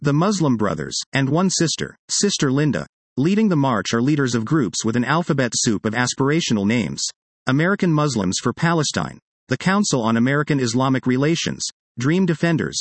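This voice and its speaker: A man reading an opinion article aloud in a steady, measured way. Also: medium pitch, no room sound. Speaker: article reader.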